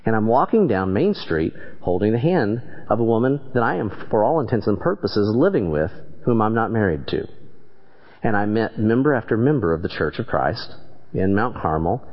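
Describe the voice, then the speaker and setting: A man preaching a sermon in a small church, telling his own story in an earnest, plainspoken way. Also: lowish voice. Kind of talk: sermon with congregation questions. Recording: dull lo-fi church recording.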